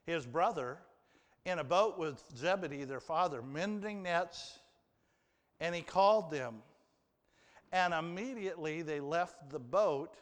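A male pastor delivers a sermon, chatting with his listeners and asking them questions. His voice sits a bit high. The hall around him adds a long, trailing reverb. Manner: conversational, asks the congregation questions, acts out quotes. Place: church hall with an audience.

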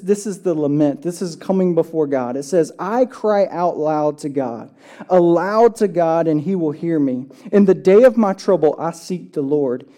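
A pastor preaching a church sermon in a casual, conversational way, often checking in with the congregation and reading scripture slowly. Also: mid-range voice, dark tone. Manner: reads scripture slowly and deliberately.

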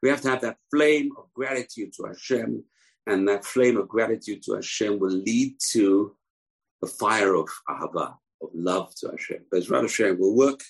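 A man teaching a Torah class, emphatic, repeating key phrases and rising to shouts. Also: on the low side, normal speed, creaky, breathy edge, low-quality recording.

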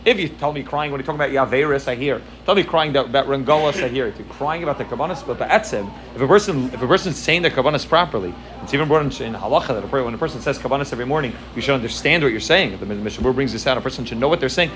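Fast-talking man giving an earnest religious class. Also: medium pitch, lively intonation, a bit bright, a little hiss or hum. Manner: earnest, repeats words while searching for phrasing. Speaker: Torah teacher.

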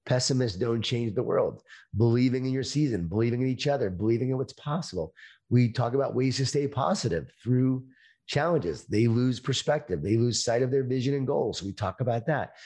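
A middle-aged man speaking as an interview guest, talking about leadership in a slow, emphatic motivational way over a video call. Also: mid-range voice, expressive, a little mellow.

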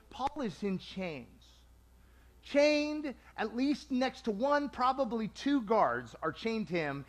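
A man preaching a sermon to a congregation in a lively, conversational way, acting out quoted voices. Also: high voice.

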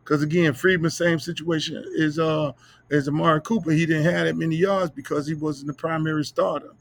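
A middle-aged man hosting a podcast, telling profane stories in a loose, animated way. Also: fairly high pitch, a little fast, vocal fry, no echo. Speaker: podcast host. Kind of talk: casual storytelling monologue.

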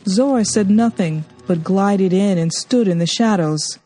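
Expressive woman narrating an audiobook. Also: mid-range voice, soft background music. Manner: measured and expressive.

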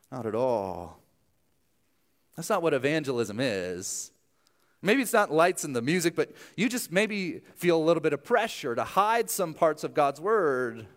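A young adult male pastor preaching a sermon in a conversational, self-deprecating way, full of asides. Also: mid-range voice.

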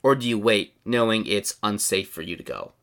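A man's voice: fairly low pitch, moderate pace, a bit bright. A man narrating as game master in a tabletop game, describing scenes in a loose, rambling way.

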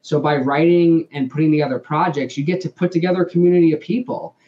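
A man's voice: a little high, fairly even intonation, fast talker, muffled recording. Earnest man rambling on a video call. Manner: earnest, rambling with many fillers. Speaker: guest, filmmaker. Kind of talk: casual interview talk.

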